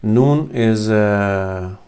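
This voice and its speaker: A man's voice: fairly low pitch, extremely slow, a little mellow, smooth. A man teaching Arabic letter sounds, patiently demonstrating each one and correcting himself as he goes. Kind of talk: slow instructional explanation.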